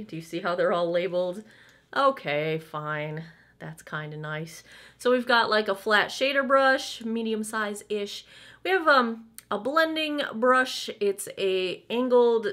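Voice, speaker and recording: A woman's voice: medium pitch, a bit bright. A woman in her thirties chatting casually through a makeup try-on, candid and playful with asides. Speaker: beauty vlogger.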